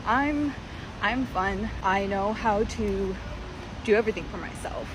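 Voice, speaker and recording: A woman's voice: mid-range voice, measured pace. A young woman with a confident, laughing, frank manner, vlogging just after a date, outdoors by traffic. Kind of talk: storytime vlog. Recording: loud traffic noise behind voice.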